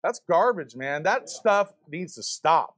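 A man's voice: a little high, very animated, slow pace, a bit bright. A man preaching a fiery sermon to a church congregation, firing rhetorical questions at the pews. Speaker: visiting preacher.

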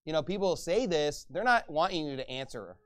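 A pastor delivering a sermon in a conversational style, tagging points with "okay?" and bursting into loud, emphatic peaks. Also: male voice, on the high side, lively intonation, fairly quick. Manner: conversational asides with frequent "okay?" and "right?".

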